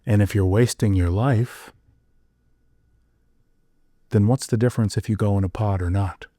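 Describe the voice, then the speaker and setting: A man on a podcast delivering an intense monologue. He asks rhetorical question after rhetorical question and swings from low muttering to loud exclamations. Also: moderate pace, no room sound, clean studio sound. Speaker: podcast guest.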